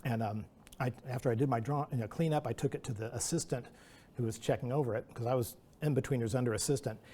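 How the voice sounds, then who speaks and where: A man's voice: mid-range voice, fast talker, warm tone. A middle-aged man, a guest artist, telling rambling anecdotes at an artist talk, acting out quotes. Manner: rambling anecdotal delivery with restarts and acted-out quotes.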